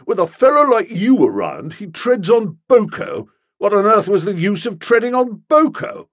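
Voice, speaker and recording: A surly, menacing young policeman, blunt and brooding, growling out his grudges in an audiobook, as a man puts him on. The voice sits low and a little husky, recorded close and dry. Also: sing-song, a little slow, no room sound, full character voice. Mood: indignant. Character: gruff young male policeman, resentful and menacing. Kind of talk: audiobook character voice.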